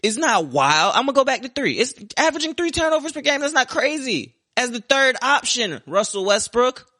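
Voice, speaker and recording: A man's voice: extremely high pitch, big pitch swings, fairly quick, sharp tone, no room sound, studio quality. Heated, profane man ranting about sports. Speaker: podcast host.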